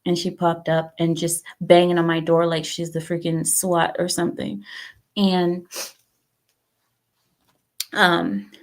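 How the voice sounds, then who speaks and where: Slow-talking gravelly woman streamer. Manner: chatty, talks to viewers, acts out quotes with lively pitch. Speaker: livestream host. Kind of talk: casual livestream chat.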